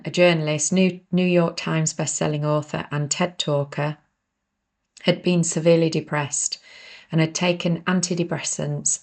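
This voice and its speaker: A woman, reading her own self-help book aloud on her podcast and breaking off into chatty, self-deprecating asides to her listeners. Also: low voice. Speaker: author and podcast host.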